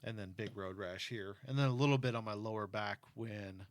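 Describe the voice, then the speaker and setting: A middle-aged man chatting casually with his kid, telling stories in an animated way and turning earnest and cautionary on safety. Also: fairly low pitch, brisk, dry recording. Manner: animated storyteller who acts out quotes; earnest and cautionary when talking about safety. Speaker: parent talking with his kid. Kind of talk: casual chat.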